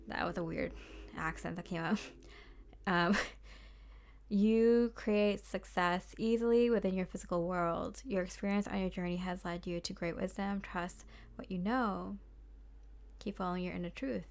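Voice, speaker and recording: A woman's voice: medium pitch, fairly even intonation, a little slow, long pauses. A young woman giving a casual tarot reading, rambling and chatty, with lots of fillers and small laughs. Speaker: tarot card reader.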